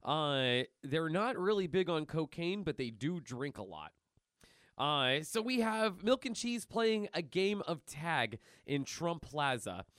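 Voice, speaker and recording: A man co-hosting a comic book podcast, reading comics aloud and joking in a playful, animated way. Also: fairly high pitch, takes it slowly, dry recording, studio quality. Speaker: podcast co-host.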